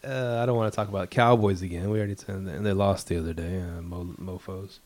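A man's voice: low voice, steady tone, fast talker, darkish tone. Man, podcast co-host, casual chat, storyteller, laughs often.

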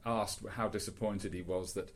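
A man's voice: deep voice, fairly even intonation, moderate pace. A man hosting a casual football podcast, rambling with lots of fillers and restarts. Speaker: podcast host.

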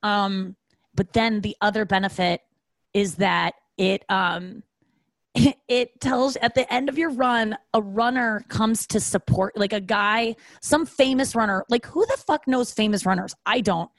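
A woman's voice: medium pitch, a little slow, dry recording. A woman hosting a podcast, talking in a candid, profane, rambling monologue. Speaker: podcast host.

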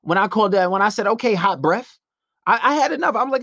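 A young man holds forth in a blunt, brash monologue and acts out the other side of each story. His voice sits high for a man. The sound is dry and close. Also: lively intonation, quick pace, gravelly, pushed and bright, no room sound. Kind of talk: casual opinionated monologue.

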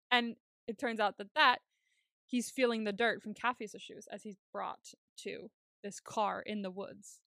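A woman's voice: mid-range voice, fairly even intonation, measured pace, gravelly, pushed and bright, dry recording, clean studio sound. A young woman co-hosting a podcast, chatting casually and laughing often as she retells scenes. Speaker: podcast co-host. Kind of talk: casual recap chat.

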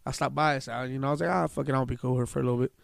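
A man's voice: mid-range voice, steady tone, vocal fry, no echo, studio quality. A young man and podcast co-host telling crude, profane stories in casual chat, quoting himself and others as he goes. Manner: profane, quotes himself and others in rapid retellings.

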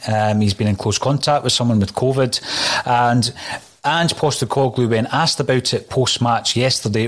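A man hosting a casual football podcast, chatty and correcting himself on the fly. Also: medium pitch. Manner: chatty, quick self-corrections. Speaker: podcast host.

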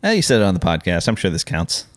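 A man co-hosting a casual podcast, joking in quick banter. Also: low voice, wildly swooping pitch, no room sound. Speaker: podcast co-host.

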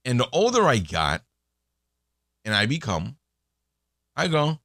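A man's voice: mid-range voice, huge pitch swings, slow pace, long pauses, sharp tone, dry recording, studio quality. A man in his thirties hosting a podcast, talking in a casual, rambling monologue full of fillers and restarts. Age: 30s. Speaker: podcast host.

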